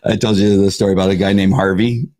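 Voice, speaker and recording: A man's voice: deep voice, little pitch movement, quick pace, darkish tone. A middle-aged man hosting a show, bantering in a jokey, rambling way with frequent laughs. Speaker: podcast host. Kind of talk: casual banter.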